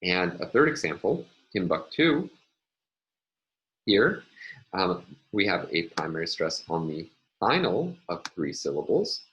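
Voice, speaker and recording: A man lecturing on phonology in a measured, explanatory way, often pausing with filler sounds. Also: sits low, sing-song, fairly bright tone, muffled recording. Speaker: linguistics lecturer. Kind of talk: recorded lecture.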